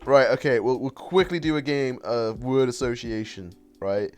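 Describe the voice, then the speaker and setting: A man hosting a loose podcast chat over a voice call. He talks at an everyday pitch, laughs a lot and swears as he goes. He often trips over his own restarts. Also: moderate pace, crowd noise. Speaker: podcast host. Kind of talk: casual chat.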